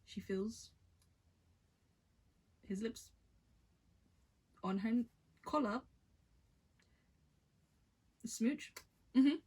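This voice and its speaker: A woman's voice: fairly high pitch, very slow, long pauses, mellow, husky. A woman reading a novel aloud for her vlog, stumbling over lines and breaking off to chat and giggle. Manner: stumbling, giggly, self-interrupting. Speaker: book vlogger reading aloud. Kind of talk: casual read-aloud vlog.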